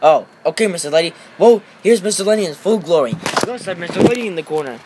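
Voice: mid-range voice, animated, fast, hardly any pauses, heavy background noise. A toy-video creator chatting casually and rambling with lots of fillers while narrating their toy play at home.

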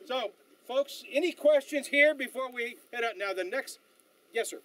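A man leading a battlefield tour outdoors, telling stories in an animated way with frequent fillers and restarts. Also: high voice, slight background noise, rough recording. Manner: animated storyteller, halting with fillers. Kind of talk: outdoor guided tour talk.

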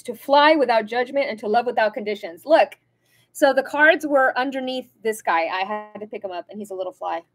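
A woman with a slightly high voice leads a casual pick-a-card tarot reading. She rambles in a chatty way and talks about energy and manifesting straight to her viewers. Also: expressive, brisk. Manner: chatty, rambling, spiritual, addresses viewers as "you guys".

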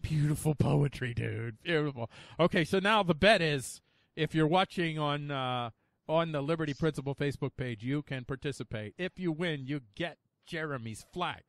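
A man hosting a casual podcast chat, excitable and quick to laugh, reading things aloud playfully. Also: fairly high pitch, dry recording, clean studio sound. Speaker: podcast host.

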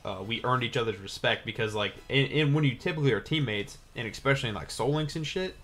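A man's voice: medium pitch, animated, quick pace, a bit bright. A man co-hosting a casual gaming chat while playing, laid-back and slangy, swearing casually. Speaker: co-host of a game challenge series.

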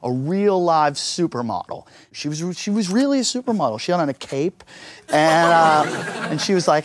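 A man's voice: a little high, expressive, normal speed. A man telling crude, self-mocking stand-up stories and acting out quotes, mixed with a casual tour of his neighborhood. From United States. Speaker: stand-up comedian and show host.

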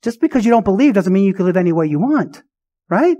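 A man's voice: sits high, sing-song, quick pace, dark tone. A male pastor preaching a sermon, emphatic and full of rhetorical questions.

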